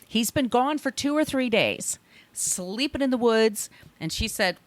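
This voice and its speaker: A woman co-hosting a podcast, retelling a film scene in a casual, animated way and acting out the lines. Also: fairly high pitch, unhurried. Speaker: podcast co-host.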